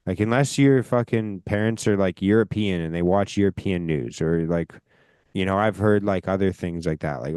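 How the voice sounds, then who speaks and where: A man from Canada holds forth as a podcast host in casual chat, his voice sitting a little low. He rambles and swears freely, hitting words with emphasis. The sound is close and dry. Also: normal speed, darkish tone, clear, resonant tone, no echo. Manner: profane, emphatic, rambling storyteller.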